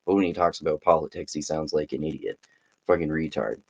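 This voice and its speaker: A man's voice: very deep voice, fairly quick, creaky, breathy edge, dull audio. A man giving casual, profane, sarcastic commentary while reading from a book. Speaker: commentary channel host.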